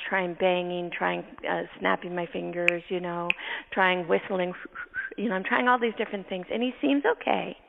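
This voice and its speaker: A woman host telling a story from her work in a lively, animated way, now and then laughing and acting out her own thoughts. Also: fairly low pitch, vocal fry, background noise. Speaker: neurotherapist and podcast host. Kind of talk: storytelling in casual chat. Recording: tinny phone-line sound with long reverb.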